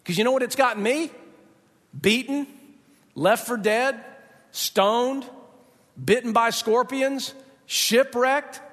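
A man preaching a sermon as pastor, talking in an emphatic, conversational way with dramatic pauses. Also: very high voice, fairly bright tone. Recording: long hall reverb.

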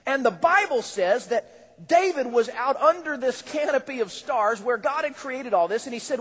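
A male pastor preaching a sermon in a conversational, animated way, with rising exclamations. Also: very high voice, normal speed. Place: church hall. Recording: echoey church hall.

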